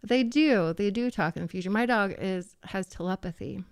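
A woman hosts a local radio show, chatty and teasing. Her voice is smooth and resonant. The studio sound is dry and close. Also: mid-range voice, moderate pace, dry recording. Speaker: radio host. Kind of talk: casual radio chat. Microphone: studio microphone.

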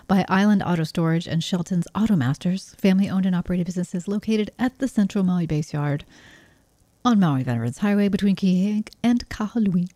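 A woman's voice: fairly low pitch, expressive, brisk, dark tone, no echo. A woman with a light Texas accent hosting a community radio show, chatty and playful, reading the weather and sponsor credits. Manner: chatty, laughing, loose and playful.

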